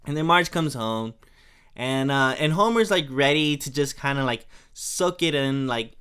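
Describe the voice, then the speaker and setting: A man's voice: mid-range voice, expressive, measured pace, a bit bright, smooth. A young man hosting a podcast, recapping an episode in a casual, rambling, chatty way with plenty of fillers. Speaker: podcast host.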